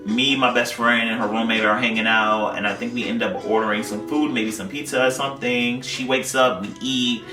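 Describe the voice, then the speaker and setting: A man's voice: mid-range voice, steady tone, brisk, hardly any pauses. A man co-hosting a casual podcast, telling a wild night-out story in slang, swearing freely. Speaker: podcast co-host. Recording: roomy sound, mic at a distance, faint music.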